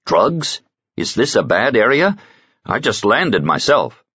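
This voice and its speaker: A man's voice: medium pitch, very animated, slow, a bit bright, breathy edge, no echo, pitched above the performer's own voice, heavily acted. A man voicing a big, shrewd male bodyguard who asks mock-concerned, probing questions, on a slightly muffled recording.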